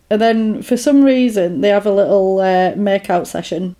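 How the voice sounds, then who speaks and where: A woman's voice: mid-range voice, normal speed, mellow. A woman casually retelling a film plot in a chatty podcast, with lots of fillers.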